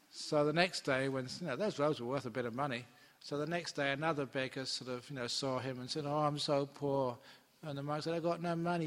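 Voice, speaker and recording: A man's voice: fairly high pitch, a bit bright. A man, a Buddhist monk, telling a teaching story to an audience in a chatty way and acting out the characters. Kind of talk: dharma talk storytelling. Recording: long hall reverb.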